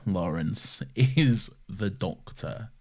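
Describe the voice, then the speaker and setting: A man's voice: low-pitched, expressive, very slow, a little mellow. A man co-hosting a casual podcast chat who rambles playfully and often loses his train of thought. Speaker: podcast co-host.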